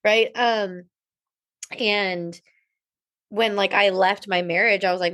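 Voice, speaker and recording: Bright, dry-sounding woman podcaster. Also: medium pitch, fairly even intonation, slow pace, long pauses, no echo. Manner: candid, personal storytelling. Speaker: podcast co-host. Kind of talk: casual podcast discussion.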